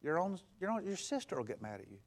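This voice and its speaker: A pastor preaching a conversational sermon, stacking emphatic, repeated phrases and acting out what people say. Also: male voice, a little high, sing-song, fast talker. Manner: repetitive, emphatic build-ups.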